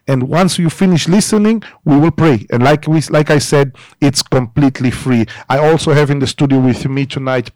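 A male pastor hosts a church radio broadcast, speaking in an earnest, pleading way and now and then correcting his own slips. His voice sits a little high for a man. The studio sound is dry and close. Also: a little mellow, dry recording.

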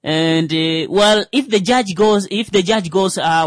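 A man's voice: sits high, a little slow, hardly any pauses, no echo. A man, hosting a radio show and giving satirical news commentary with sarcastic, mock-indignant asides and stumbling restarts. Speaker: radio host.

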